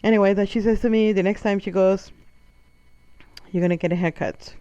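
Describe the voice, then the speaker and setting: Brisk and smooth, his high voice comes through without echo, though the top end is cut off. He's a non-native English-speaking comedian spinning crude, lively stories and imitating the people he quotes in a comic monologue.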